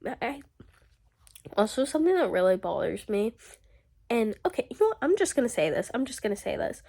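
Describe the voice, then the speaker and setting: A woman venting in a casual diary vlog, ranting and animated, with lots of "like" and "literally", still getting over being sick. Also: on the high side, a little fast, gravelly. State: recovering from illness. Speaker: vlogger.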